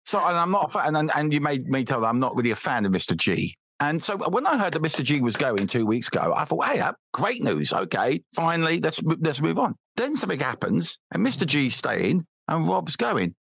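Animated, rambling man. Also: fairly high pitch, fairly quick, creaky, few pauses, no echo. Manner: animated, rambling, repeats words when worked up. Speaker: podcast guest, football fan. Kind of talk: casual podcast chat.

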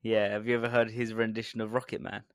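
A man's voice: on the low side, little pitch movement, fast, clean tone, no echo, clean studio sound. A man co-hosting a podcast, chatting casually and laughing often. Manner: jokey, laughs often, drawling asides. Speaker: podcast co-host. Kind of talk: casual chat. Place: home recording space.

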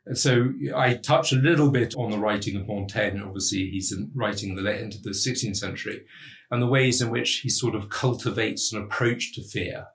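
A man's voice: on the low side, brisk. A man, a historian of fear, speaking in an interview in a thoughtful way, often hedging with small fillers. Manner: thoughtful, hedging with frequent "sort of". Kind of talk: interview conversation. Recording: echoey room.

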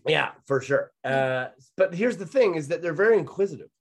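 A man's voice: on the high side, expressive, brisk. A man hosting a comedy podcast, rambling through stories, swearing freely and laughing as he talks. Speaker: podcast host. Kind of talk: casual comedy podcast chat.

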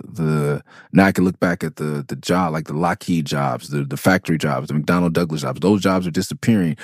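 A man's voice: deep voice, no room sound, studio quality. A middle-aged man from Los Angeles hosting a podcast, telling blunt, profane stories in a rambling, candid way. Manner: raw, profane, restarts and loops back on himself. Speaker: podcast host, rapper. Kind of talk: candid storytelling monologue.

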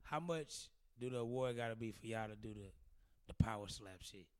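A man's voice: lowish voice, brisk, smooth. A man co-hosting a podcast, teasing his friends and firing off questions. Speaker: podcast co-host. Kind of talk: casual chat.

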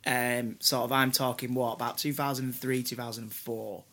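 A man's voice: mid-range voice, level tone, normal speed, pushed and bright. A man from Britain hosting a casual chat, talking in a loose, chatty way with many fillers and restarts.

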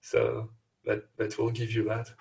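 Podcast co-host, Canadian man with Portuguese parents, halting, set back from the mic. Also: lowish voice, very animated, gravelly, a little mellow, far from the mic. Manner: thoughtful, halting, laughs easily. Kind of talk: casual chat.

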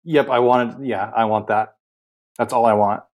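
A man co-hosting a podcast, chiming in with excited asides and frequent laughter. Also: mid-range voice, moderate pace. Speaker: podcast co-host. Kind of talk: casual movie chat.

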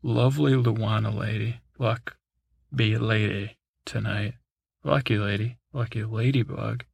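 A man's voice: on the low side, steady tone, a little slow, gravelly, breathy edge, no room sound. A man hosting a sleep podcast, reading through a long list in a drowsy way, with chuckles, asides and bits of song. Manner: breaks into snatches of song. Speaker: podcast host.

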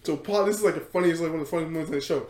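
A man hosting a podcast, retelling a story in casual chat, animated and laughing, with lots of fillers and swearing. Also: on the high side, very fast, reverberant. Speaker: podcast host.

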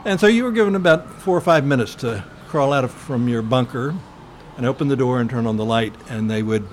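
An older American man giving an oral history interview, telling his memories in an earnest, reflective way with frequent pauses and fillers. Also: medium pitch, slight background noise.

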